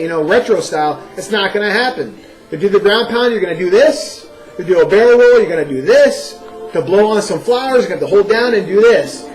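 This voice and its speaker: A young man giving a casual, animated first-impressions game review, full of "you know" and "like.". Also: sits high, low-quality recording. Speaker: video game vlogger.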